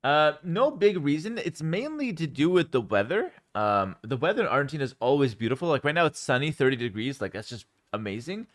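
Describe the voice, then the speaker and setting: A young man from Canada reading and answering chat questions on a casual livestream from home, relaxed and rambling, with lots of ums and repeated words. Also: on the high side, a little fast, few pauses.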